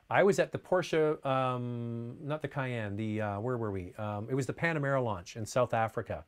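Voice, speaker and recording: A man hosting a casual question-and-answer chat, a chatty storyteller who trails into restarts and asides. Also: mid-range voice. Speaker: host.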